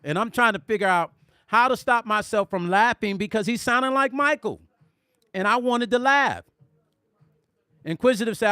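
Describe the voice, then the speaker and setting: A man hosting a music vlog, telling stories in an animated, conversational way and speaking directly to his viewers. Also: high voice, moderate pace, clean tone, no room sound, clean studio sound. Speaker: music vlogger. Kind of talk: storytelling on a live stream.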